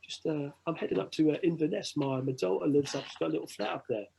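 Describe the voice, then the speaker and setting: A man's voice: on the high side, fast talker, gravelly, mellow, slight background noise. A man putting on the voice of a famous older rock guitarist, easygoing and chatty.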